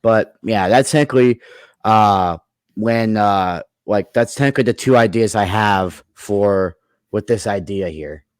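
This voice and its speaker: A man's voice: on the low side, a little slow, clean tone, no echo. A man in a casual chat who rambles through his movie ideas, with many restarts along the way. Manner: rambling, full of fillers and restarts. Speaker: creator pitching movie ideas.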